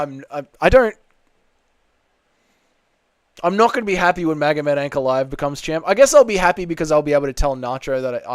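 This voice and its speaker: A man's voice: on the high side, a bit bright, smooth, no echo. An Australian man hosting a livestream, reading viewer comments aloud and answering them in casual, bantering chat from a room at home. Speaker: podcast host. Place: home room with balcony window open.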